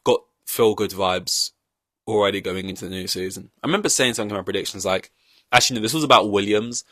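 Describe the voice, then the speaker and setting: A young man talks on his podcast in a low, easy voice, wandering through long-winded comparisons and joking at his own expense. The sound is dry and close, with no room around it. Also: a bit bright, no echo. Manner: rambling, long-winded, self-mocking. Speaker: podcast host. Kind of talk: casual chat.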